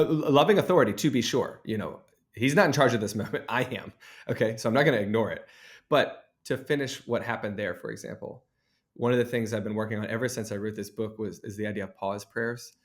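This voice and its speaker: A man in his thirties, an author and guest, telling a story in an earnest, reflective way. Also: fairly low pitch. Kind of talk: conversational interview.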